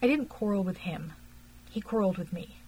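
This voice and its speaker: Woman as an earnest young gentleman, frank and tense, husky; audiobook. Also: medium pitch, lively intonation, fairly quick, poor audio.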